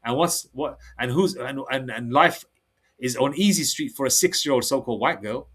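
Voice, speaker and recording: Guy preaching on his own, rambly and worked up, medium voice, slows way down for scripture. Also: medium pitch, a bit bright, slightly rough. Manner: rambling, with frequent restarts; reads scripture slowly, aloud. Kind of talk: solo religious monologue.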